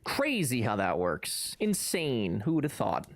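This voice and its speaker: Lively joking male streamer. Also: medium pitch, a little slow. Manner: joking, sarcastic banter reading chat aloud. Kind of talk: casual live-stream chat.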